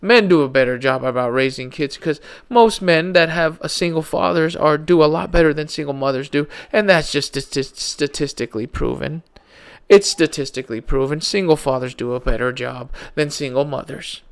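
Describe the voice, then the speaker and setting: A man's voice: fairly high pitch, moderate pace, hardly any pauses, clear, resonant tone. A tired man hosting a podcast alone, rambling in casual slang about conspiracy theories, yawning as he talks. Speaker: podcast host.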